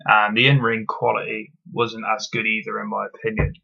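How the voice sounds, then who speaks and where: A man's voice: on the low side, completely flat delivery, fairly quick, creaky, bright, forceful tone, highs cut off. A man giving a casual solo review of a wrestling show, blunt and opinionated, swearing, with lots of ums.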